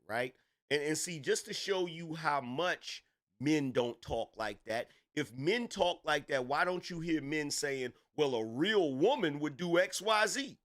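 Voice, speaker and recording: A man's voice: a little high, a bit bright. A middle-aged man giving an opinion commentary monologue, emphatic and repetitive, lecturing with rhetorical questions.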